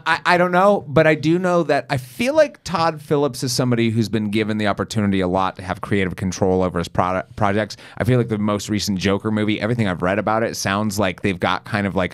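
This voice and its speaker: A man with a somewhat low voice co-hosts a podcast in casual chat. He sounds laid-back and speculative, thinking aloud as he goes. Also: fast, few pauses, clean tone. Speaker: podcast co-host.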